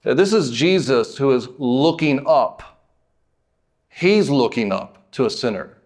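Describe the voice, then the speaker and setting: A man from the United States preaching a sermon as pastor, emphatic, drawing out words and lifting suddenly in pitch and volume, with folksy asides. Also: expressive, takes it slowly, a little mellow.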